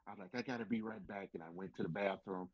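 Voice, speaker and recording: A man's voice: lowish voice, rapid-fire, slightly rough, no room sound. A man, a pro wrestler guest on a podcast, telling stories animatedly and acting out what people said, with casual swearing. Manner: animated storyteller who acts out quotes, swears casually. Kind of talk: casual storytelling interview. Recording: slightly dull lo-fi podcast audio.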